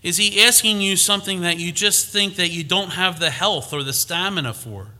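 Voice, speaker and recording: A man's voice: high-pitched, normal speed, sharp tone. A man preaching a conversational sermon, reading scripture and rising to emphatic peaks.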